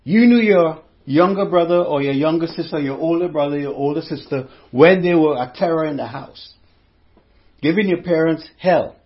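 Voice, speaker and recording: A man preaches a sermon in a high, conversational voice, often repeating himself and addressing his listeners directly. The recording sounds dull and lo-fi. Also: moderate pace.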